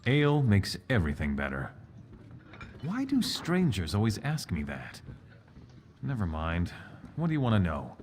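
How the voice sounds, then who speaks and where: A deep-voiced, weary townsman. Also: wildly swooping pitch, a little hiss or hum. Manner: measured, gravely informative. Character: weary male townsman giving local warnings.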